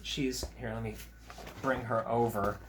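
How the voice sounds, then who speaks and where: A man's voice: medium pitch, measured pace, a little hiss or hum. A male teacher reading a picture book aloud to children and playfully chatting with puppets. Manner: animated, playful, warmly teasing. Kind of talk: children's story-time reading and puppet chat.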